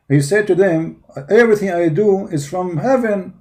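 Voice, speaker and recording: Male debater, slightly high voice, mellow tone, mocking and pushy. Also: normal speed, few pauses. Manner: mocking, interrupting, forceful. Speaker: debater, Christian apologist. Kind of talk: heated religious debate.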